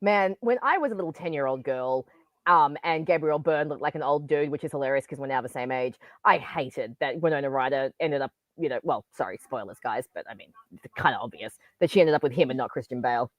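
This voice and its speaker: A woman's voice: rumbling low, fairly quick, no room sound. A woman in her forties giving opinionated, casual commentary as a guest on a film watchalong. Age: 40s. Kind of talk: casual chat.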